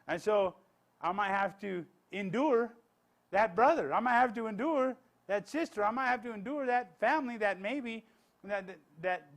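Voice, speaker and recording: A man's voice: high voice, fairly bright tone. A man, a pastor, giving a blunt, conversational sermon with many restarts and asides.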